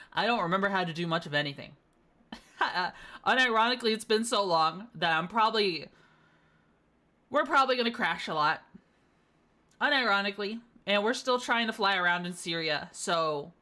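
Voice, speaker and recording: Bright-voiced woman streamer chatting casually. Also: mid-range voice. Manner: chatty, laughs often, playful. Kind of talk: casual gaming stream chat.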